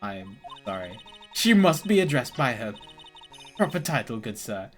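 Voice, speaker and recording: A man's voice: mid-range voice, very animated, unhurried, soft background music. A man voicing a formal, stern older woman from a game, reading her dialogue aloud in an archaic, scolding manner. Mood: indignant.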